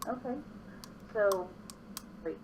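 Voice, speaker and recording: A woman's voice: medium pitch, takes it slowly, far from the mic, noisy background. A woman playing a tabletop game, speaking hesitantly. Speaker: player.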